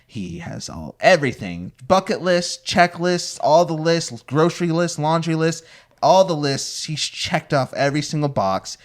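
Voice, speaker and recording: A man's voice: on the high side, animated, a little slow. A man hosting a podcast, rambling through playful hypothetical scenarios in casual chat. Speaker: podcast host.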